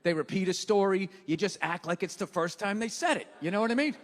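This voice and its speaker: A man doing a stand-up comedy set, ranting sarcastically with lots of profanity and frequent shouting. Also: sits high, lively intonation, fast talker. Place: comedy stage before a live audience. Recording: live show with crowd and noise.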